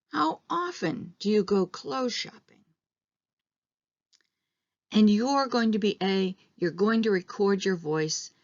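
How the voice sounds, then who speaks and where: Slow, patient woman teacher. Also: mid-range voice, no echo, muffled recording. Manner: slow, patient, demonstrating intonation. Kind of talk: online class instructions.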